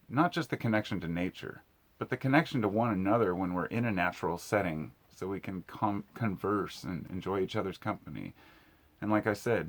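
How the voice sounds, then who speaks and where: A man talking to camera in a casual vlog, rambling and reflective, with many fillers and restarts. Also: lowish voice. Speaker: vlogger.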